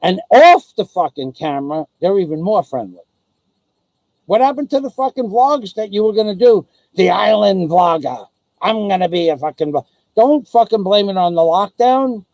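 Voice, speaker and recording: A man's voice: high-pitched, lively intonation, normal speed, a little mellow, no echo, rough recording. A man ranting angrily and profanely on his own live stream, taunting and threatening someone. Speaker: vlogger. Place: living in the Philippines.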